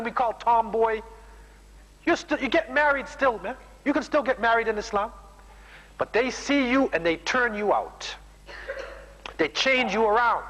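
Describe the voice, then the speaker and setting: A man's voice: extremely high pitch, bright, forceful tone, in a large hall, rough recording. A man preaching a sermon, emphatic, keeps ending lines with "man.". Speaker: Muslim preacher.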